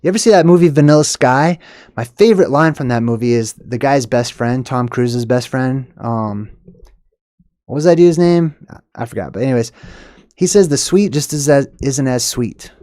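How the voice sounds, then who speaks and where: A man hosting a casual monologue, rambling and animated, laughing between his own asides. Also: mid-range voice, no room sound, studio quality. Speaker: host.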